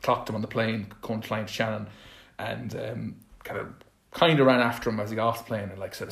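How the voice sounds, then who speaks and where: A man's voice: on the low side, steady tone, brisk, vocal fry, hardly any pauses, a bit bright. An Irish man hosting a casual podcast chat, rambling with lots of restarts and fillers. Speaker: podcast host. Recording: echoey room.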